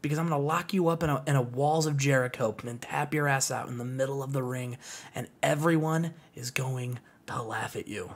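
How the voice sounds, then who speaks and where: A smug, sneering wrestler , as a man puts him on, taunts his rival in a low, drawn-out, sarcastic voice that sometimes drops to a near whisper. The tone is self-satisfied and mocking. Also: natural voice.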